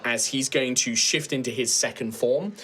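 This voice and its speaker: A man's voice: medium pitch, steady tone, normal speed, a bit bright, breathy edge. A man acting as game master, explaining rules and narrating the scene in rambling, filler-heavy sentences. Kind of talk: narrating and ruling a tabletop game.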